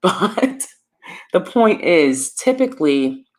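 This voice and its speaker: A woman with a lowish voice gives pointed commentary straight to her viewers. She is emphatic and drives her points home by repeating phrases. She records downstairs at home. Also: very animated, slow pace. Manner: emphatic, repeats lines for effect. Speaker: vlogger.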